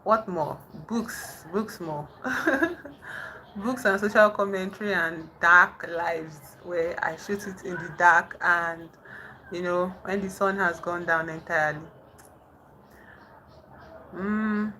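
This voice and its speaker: A woman casually chatting on a livestream with viewers, haltingly trying out French phrases. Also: lowish voice, pushed and bright, slight background noise, low-quality recording. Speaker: livestream host. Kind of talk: casual live chat with viewers. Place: indoors in the dark at night.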